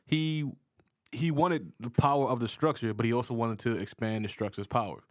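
A man's voice: mid-range voice, fairly even intonation, moderate pace, no room sound, studio quality. A man co-hosting a podcast, talking loosely and profanely in a joking casual chat. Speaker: podcast co-host.

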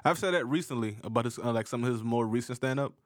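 A man from Charleston, South Carolina, co-hosting a podcast in relaxed casual chat, rambling with restarts as he tells stories. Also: medium pitch, fast talker, no room sound, clean studio sound. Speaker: podcast co-host.

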